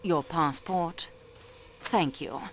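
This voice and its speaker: A woman voicing a composed French female investigator in a game, questioning in a formal, measured way with a French accent. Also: deep voice, slight background noise. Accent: French, put on. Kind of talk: video game voice acting.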